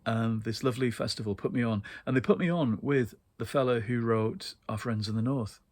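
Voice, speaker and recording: Hosting a show, a man from northeast England delivers a chatty, wry monologue of book-event anecdotes, often laughing and umming. His medium-pitched voice is a little mellow and brisk, with no room sound.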